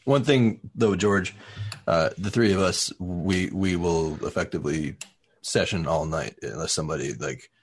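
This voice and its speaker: A man's voice: deep voice, normal speed, husky. A man in casual conversation, friendly and joking. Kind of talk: casual chat. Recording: faint background noise.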